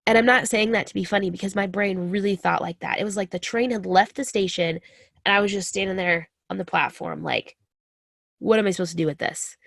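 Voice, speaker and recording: A military spouse in her thirties talks to the camera about her own experience, earnest and confiding, addressing listeners as friends. Her medium-pitched voice is brisk, gravelly, and fairly bright, captured in clean studio sound without echo.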